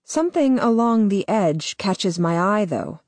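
A woman narrating a novel in the first person, measured and deliberate. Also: mid-range voice, expressive, a little mellow, dry recording. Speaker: audiobook narrator.

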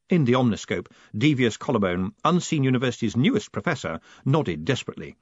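A man reading an audiobook as narrator, calm and expressive. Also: fairly low pitch, a little fast, slightly rough, no echo, dull audio. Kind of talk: scripted narration.

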